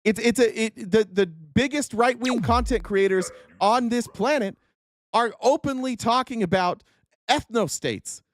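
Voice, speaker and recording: A man's voice: very high voice, unhurried, no room sound. A man in his thirties from the United States, hosting a live-stream and ranting angrily with profanity. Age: 30s. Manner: angry, profane, repetitive. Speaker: show host. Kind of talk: live-stream political rant.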